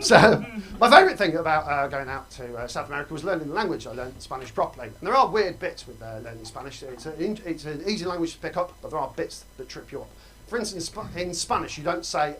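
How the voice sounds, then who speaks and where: A young man doing a stand-up comedy set on a club stage, quick and self-mocking, breaking into loud put-on voices. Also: a little high, slight background noise. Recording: live room with audience laughter. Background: audience laughing.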